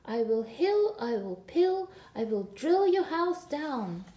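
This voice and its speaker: A woman puts on a tiny wolf cub who never stops whining, his voice shrill and wailing as it swoops high. The storybook reading sounds slow and drawn out in an echoey room. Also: very animated, mellow, exaggerated voice. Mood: shouting. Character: whiny little wolf cub brother, hungry and moaning.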